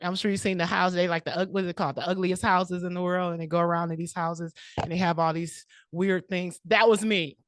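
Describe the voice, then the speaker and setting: A woman's voice: on the low side, fairly even intonation, brisk, few pauses, dry recording. A woman giving a prepared, personal speech at a club meeting, laughing often and close to tears. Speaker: club speaker. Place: meeting room.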